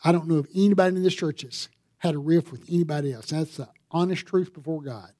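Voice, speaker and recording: A pastor preaching a sermon, telling a story and building to emphatic appeals. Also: male voice, on the high side, fast, mellow, dry recording, clean studio sound.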